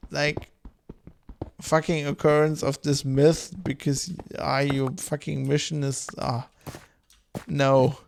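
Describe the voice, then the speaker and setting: A man's voice: a little high, gravelly. A man streaming a game, rambling in loose, casual chat full of swearing and fillers. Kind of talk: casual chat while gaming.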